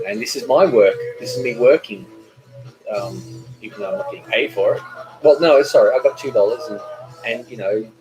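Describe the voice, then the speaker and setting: A man's voice: mid-range voice, normal speed, low-quality recording. Rambling man live-streaming over music. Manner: rambling, stammers and repeats words. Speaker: cooking channel host. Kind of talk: casual live-stream chat reading viewer comments. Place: at home.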